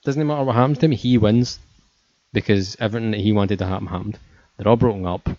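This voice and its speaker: A man's voice: on the low side, fast, a little mellow, no room sound. A man chatting casually and ranting animatedly with friends, swearing a lot. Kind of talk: casual chat. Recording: dull lo-fi sound.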